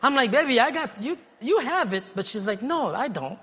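A male pastor delivers a sermon in a loose, talky way and then climbs into forceful shouting. His voice sits very high and sounds sharp and bright. It rings through a reverberant church hall, and the recording is a little dull. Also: lively intonation, normal speed, slightly rough. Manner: conversational preaching, rising to shouted exhortation. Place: church sanctuary.

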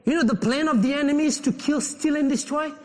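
A man preaching a sermon as pastor in a church, fervent and climbing into shouted pleas. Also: extremely high pitch, fast, big-room sound.

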